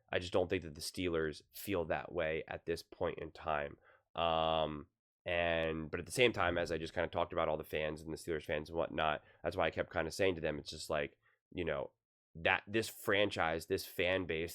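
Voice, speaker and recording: A man does casual solo sports commentary, rambling and restarting often, and his voice grows louder and higher as he gets heated.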